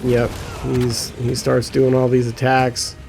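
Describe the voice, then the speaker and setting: A man giving casual gameplay commentary, excitable, often laughing and swearing when he gets frustrated. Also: mid-range voice, slow, vocal fry, faint music behind. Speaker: gaming commentator.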